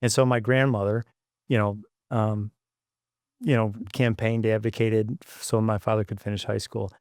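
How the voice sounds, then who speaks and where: Man in his sixties, low dry voice. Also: little pitch movement, normal speed, a little mellow, clean tone, no room sound. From Michigan, United States. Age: 60s. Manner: rambling, many fillers and restarts. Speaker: podcast guest. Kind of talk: reflective storytelling.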